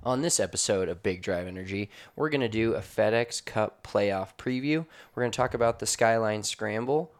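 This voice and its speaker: A man's voice: on the low side, moderate pace, few pauses. A man co-hosting a golf podcast, brash and swearing freely as he reads a sponsor spot and tells stories. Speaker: podcast co-host. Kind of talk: casual chat and read sponsor spot. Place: makeshift studio office.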